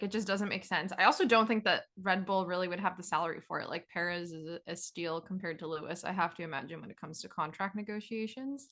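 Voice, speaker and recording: A woman co-hosting a casual sports podcast, chatting in a relaxed way. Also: lowish voice. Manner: relaxed, conversational. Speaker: podcast co-host.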